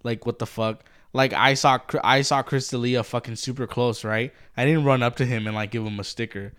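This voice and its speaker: A man's voice: medium pitch, fairly even intonation, a little fast, fairly bright tone, clean tone. A man co-hosting a podcast in casual chat, blunt and swearing constantly, with lots of "like". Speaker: podcast co-host.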